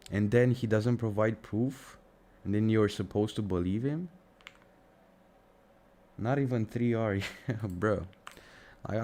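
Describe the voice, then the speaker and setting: A young man with a fairly low voice rants on a casual live stream, sarcastic and exasperated, swearing freely and calling everyone "bro". His mic sits close at his mouth, and a faint ambient hiss runs underneath. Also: darkish tone. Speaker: livestream trading streamer. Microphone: mic right at the mouth.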